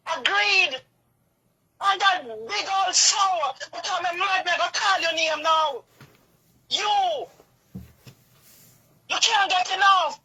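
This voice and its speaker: A woman's voice: very high voice, pushed and bright, rough recording. A woman with a Jamaican accent delivering an impassioned, repetitive rant in a video. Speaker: vlogger.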